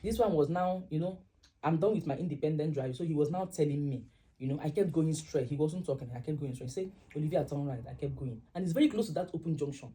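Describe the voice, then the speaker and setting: A young woman with a Nigerian accent telling a personal story to camera in a casual, animated way, acting out the dialogue she quotes. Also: sits low, fast talker. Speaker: vlogger.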